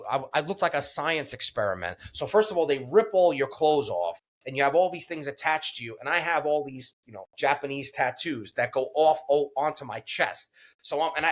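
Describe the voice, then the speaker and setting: A man's voice: a little high, fairly bright tone. A man guest on a podcast, earnestly retelling a personal story with many fillers and restarts.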